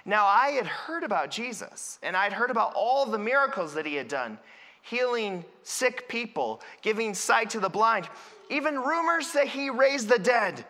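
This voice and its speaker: A man plays a Samaritan leper in a first-person sermon monologue, telling his story earnestly and with emphasis. His high-pitched voice is sharp and exaggerated, swinging widely in pitch at normal speed. A large hall gives it long reverb.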